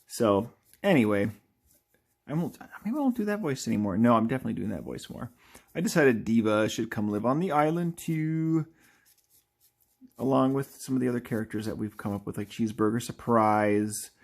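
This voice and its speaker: A man's voice: medium pitch, lively intonation, moderate pace, vocal fry. A man hosting a live drawing video, chatting casually in a rambling, playful way that keeps correcting itself. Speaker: artist and video host.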